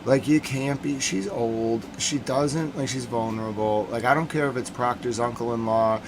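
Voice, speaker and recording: A man's voice: medium pitch, normal speed, a little hiss or hum. Upset man ranting on a livestream. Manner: upset, rambling and repetitive, swinging from quiet to loud. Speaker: host of a nightly news recap stream. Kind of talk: casual livestream rant.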